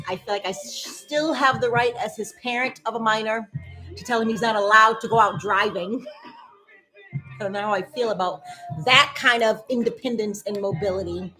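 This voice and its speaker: A woman's voice: fairly high pitch, low-quality recording. A woman, chatting animatedly with her dance fitness class and telling stories. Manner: chatty, animated storytelling with whoops and laughs. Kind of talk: casual chat to a live class. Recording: music playing behind.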